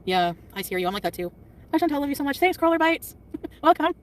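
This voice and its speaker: A woman chatting on a casual livestream, quick and defensive, often laughing and snapping back at commenters. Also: high voice, very animated. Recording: distant mic with faint traffic noise.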